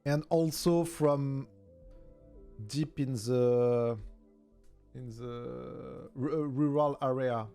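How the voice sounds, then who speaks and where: A man with a southern French accent, a native French speaker, chatting casually as a streamer in halting English and searching for words. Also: medium pitch, fairly even intonation, creaky, dark tone, clear, resonant tone, faint music behind. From southern France. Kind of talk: casual chat.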